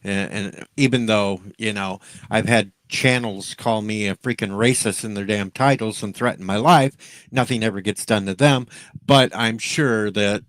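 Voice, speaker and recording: A man's voice: fairly low pitch, measured pace, fairly bright tone, no echo, rough recording. A man co-hosting a live stream, chatting casually and stammering as he talks. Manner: hesitant, stammering. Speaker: stream co-host. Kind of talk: casual livestream chat.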